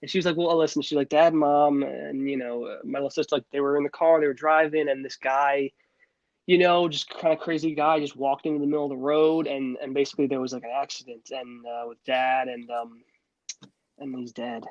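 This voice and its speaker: A man's voice: medium pitch, fairly even intonation, fairly quick, dry recording, lo-fi sound. A young man co-hosting a podcast in casual chat, rambling with many restarts and fillers. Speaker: podcast co-host.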